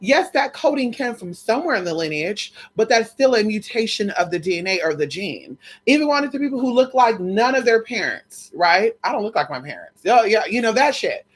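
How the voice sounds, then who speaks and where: A woman's voice: a little high, sing-song, a little fast, hardly any pauses, slightly rough. A woman vlogger telling a story in casual chat, gossipy, calling listeners girl and honey, swearing and repeating phrases for emphasis.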